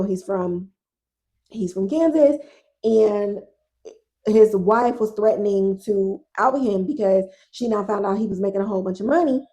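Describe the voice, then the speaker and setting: A woman hosting a casual TV recap podcast, animated and exasperated, swearing freely and talking to listeners as y'all. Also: medium pitch, low-quality recording. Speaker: podcast host.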